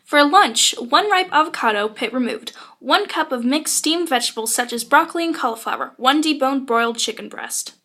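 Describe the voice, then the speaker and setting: Teenage girl, high voice, bubbly, sarcastic, casual vlog chat. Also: lively intonation, normal speed, few pauses, pushed and bright. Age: teens. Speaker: video blogger. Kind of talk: casual book review vlog.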